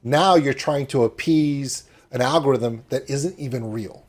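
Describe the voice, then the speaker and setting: A man's voice: medium pitch, unhurried, a little mellow. Enthusiastic man hosting an interview. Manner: enthusiastic, rambling. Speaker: interview host. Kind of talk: casual video interview.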